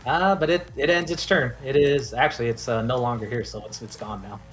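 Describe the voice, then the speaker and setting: A man running a tabletop game as dungeon master, narrating in a relaxed, halting way with many fillers. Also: medium pitch, soft background music.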